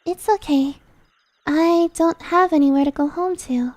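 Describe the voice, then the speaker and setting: A woman's voice: sits high, unhurried, a little mellow, no echo, pitched above the performer's own voice. A woman voicing a cheerful, giggly young girl in a game, with a bubbly, laughing manner. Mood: bright.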